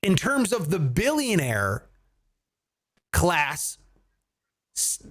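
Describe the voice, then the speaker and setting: A man hosting a comedy podcast, chatting casually, swearing and joking with animated energy. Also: sits high, drawn-out words. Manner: animated, swearing, mock voices for jokes.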